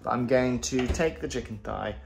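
Guy, cooking vlog, upbeat and chatty, self-deprecating, mid pitch, faint music behind. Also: moderate pace, gravelly, darkish tone. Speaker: vlogger. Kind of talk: casual cooking vlog narration.

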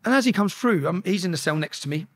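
Fast, animated man. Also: high-pitched. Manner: animated, profane, reenacts shouted exchanges. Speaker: podcast guest. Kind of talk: casual storytelling.

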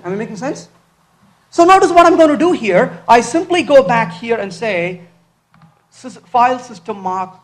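A man giving a lively live technical talk, asking his audience question after question as he codes on stage. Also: very high-pitched. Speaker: conference speaker. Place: large conference hall. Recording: echoey hall from far off.

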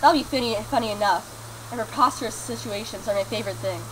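A woman's voice: fairly high pitch, fast, background noise, close to an everyday voice. A woman playing a sly, mischievous servant sprite who enjoys chaos. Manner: sly, amused.

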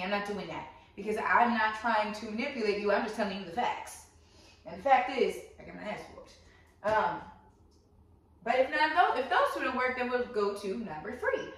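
A woman's voice: on the high side, a bit bright. A woman hosting a casual advice talk, blunt, outspoken and profane. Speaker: host giving life advice. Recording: very echoey room, voice far from mic.

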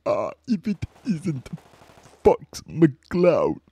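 Gravelly evil old ape boss from a video game, high and swoopy, menacing. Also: male voice, huge pitch swings, very slow, dark tone, no room sound, exaggerated voice. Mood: gloating. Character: evil giant ape scientist villain, male, older, gloating.

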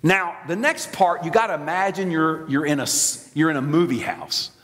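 A man with a Southern American accent from Alabama, preaching a sermon as an animated, theatrical storyteller. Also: fairly high pitch, normal speed. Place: large church sanctuary. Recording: long church reverb.

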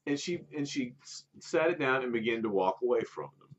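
A man telling a long story in casual chat, rambling along with restarts and breaking into laughter. His voice sits at an ordinary middle pitch. The recording is dull and lo-fi. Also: expressive, brisk, husky. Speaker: podcast co-host telling a story. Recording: dull lo-fi sound.

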